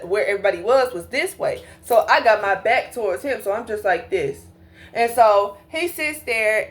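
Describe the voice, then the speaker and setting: A young woman telling a casual storytime monologue, animated and profane, full of slang and asides to her viewers. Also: mid-range voice.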